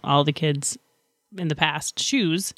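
A woman's voice: low voice, slow, a bit bright, dry recording, studio quality. An older woman co-hosting a podcast in casual chat, laughing often as she talks. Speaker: podcast co-host.

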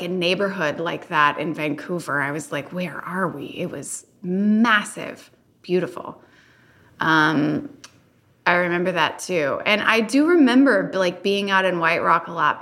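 A woman's voice: lowish voice, fairly bright tone. A woman co-hosting a casual rewatch podcast, chatty and giggly as she reads out fan questions. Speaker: podcast co-host.

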